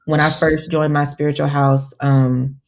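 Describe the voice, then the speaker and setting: Low, gravelly-voiced woman herbalist. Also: measured pace. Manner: animated, acts out her own quotes. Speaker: clinical herbalist, podcast guest. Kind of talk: casual storytelling conversation.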